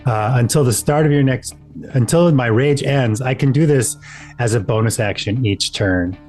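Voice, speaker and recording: A man at a tabletop game, plainly reading his character's abilities aloud and working through the rules. He speaks in an easy, mid-pitched voice, with faint music behind him. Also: normal speed, a little mellow. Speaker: player. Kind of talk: casual tabletop play.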